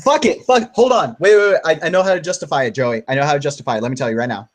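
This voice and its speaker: A man playing a tabletop role-play game, excitable and quick to swear. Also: on the high side, low-quality recording. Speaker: player. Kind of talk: casual tabletop chat.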